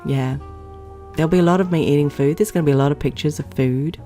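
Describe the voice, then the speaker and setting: A woman's voice: low-pitched, fast talker, mellow, faint music behind. A woman hosting her own vlog, chatting casually to camera in a rambling way, with lots of fillers and giggles. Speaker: vlog host.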